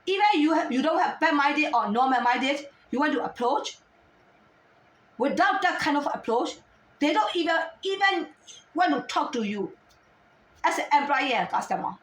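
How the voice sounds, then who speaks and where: A woman delivering an agitated, scolding monologue in halting non-native English, firing off repeated rhetorical questions. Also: high voice, animated, a little hiss or hum. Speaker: vlogger. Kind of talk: ranting monologue to camera. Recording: roomy sound from a distant mic.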